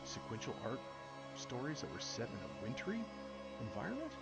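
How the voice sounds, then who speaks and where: A man's voice: fairly quick, vocal fry. A man hosting a casual live stream while he draws, talking in a mumbly, rambling way into a desktop mic. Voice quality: mumbly, low-key delivery. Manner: relaxed, rambling, thinks out loud. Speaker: live-stream host drawing fan art. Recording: music playing loudly behind voice.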